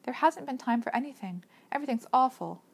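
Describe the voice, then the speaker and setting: A woman's voice: high voice, lively intonation, brisk, gravelly, husky, pitched above the performer's own voice, full character voice. A woman voicing a frightened teenage girl who pleads urgently and in anguish, raising her voice, in an audiobook reading. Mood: anguished pleading.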